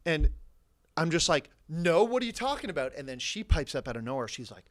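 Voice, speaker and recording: A man from Canada, a podcast guest telling a story in a casual, profane, animated way. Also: on the high side, a little fast. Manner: animated, profane, laughs through his story.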